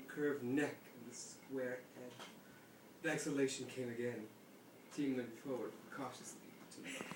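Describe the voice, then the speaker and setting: In a lakeside cabin, a man with a medium-pitched voice casually reads a novel aloud to his friends indoors, amused and often breaking into laughter. The room is echoey, the mic sits at a distance, and there's slight background noise.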